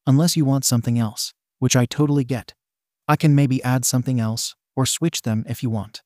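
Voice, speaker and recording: A man's voice: medium pitch, fairly even intonation, a little fast, mellow, no room sound, clean studio sound, lightly acted. A man voicing a shy, nervous teenage boy who stammers and rambles in a fan-fiction reading. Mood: flustered.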